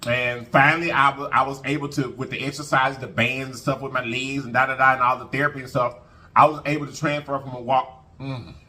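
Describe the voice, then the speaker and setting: A man's voice: medium pitch, level tone, a little fast, sharp tone. A man vlogging an emotional personal story to his viewers, talking casually, repeating phrases and often thanking God. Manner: colloquial, addresses viewers as y'all. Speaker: mukbang vlogger.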